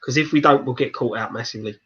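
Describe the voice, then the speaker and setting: A man's voice: medium pitch, very fast, a bit bright. Man with a dull lo-fi mic, stammering. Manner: stammering restarts, earnest match analysis. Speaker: fan show pundit. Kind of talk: casual pub-style football chat.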